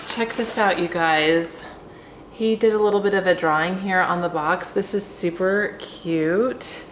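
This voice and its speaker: A woman's voice: fairly low pitch, a little slow, slight background noise. A woman handbag vlogger doing an unboxing vlog, gushing and effusive, with lots of ums. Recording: roomy echo.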